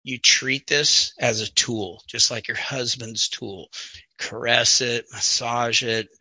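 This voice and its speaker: A man playing a male golf pro who gives slow, coaxing advice. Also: medium pitch, fairly even intonation, bright, forceful tone, breathy edge, dry recording, full character voice, poor audio. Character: smooth middle-aged male golf pro.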